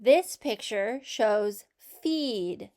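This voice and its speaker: Woman teacher, slightly high voice, slow and patient, voice-over for a children's spelling lesson. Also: expressive, darkish tone. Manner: slow, patient, encouraging, sounding out each sound.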